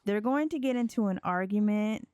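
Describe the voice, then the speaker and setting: A woman's voice: medium pitch, darkish tone, clean tone, no echo, lo-fi sound. A woman casually narrating a life-sim game, chatty and giggly. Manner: chatty, giggly, slow drawl. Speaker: let's play creator.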